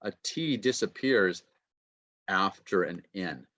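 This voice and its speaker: Speaking slowly but animatedly, a university lecturer with a low, slightly bright voice teaches pronunciation online. The recording from his video-call computer mic is muffled, and his style is chatty, full of "okay" and check-ins with his audience.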